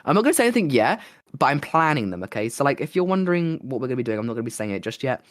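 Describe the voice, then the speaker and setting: A man co-hosting a podcast, hoarse and losing his voice, chatting casually and rambling with plenty of "like". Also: mid-range voice, big pitch swings, very fast, dry recording, clean studio sound. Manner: rambling, lots of "like" and restarts. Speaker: podcast co-host and streamer. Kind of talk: casual chat.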